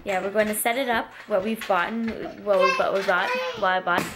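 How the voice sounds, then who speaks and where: A mother hosting a casual family vlog, chatty and quick to laugh. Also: mid-range voice, steady tone, heavy background noise.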